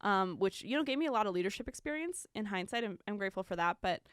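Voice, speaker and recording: A woman's voice: medium pitch, fast talker, clear, resonant tone, no echo, clean studio sound. A young woman and lash artist who chats casually and animatedly, acting out the quotes in her story. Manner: animated, laughing, acts out quotes. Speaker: lash artist and podcast guest.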